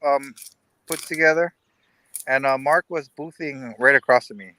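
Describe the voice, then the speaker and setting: A man's voice: medium pitch, normal speed, sharp tone, slight background noise. A man guesting on a livestream over a video call, laid-back and rambling, full of fillers. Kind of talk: casual livestream chat.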